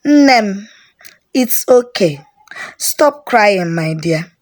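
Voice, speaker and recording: A woman voicing a caring aunt who gently comforts her niece in a told story. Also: medium pitch, lively intonation, slow. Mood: soothing. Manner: soothing, gentle.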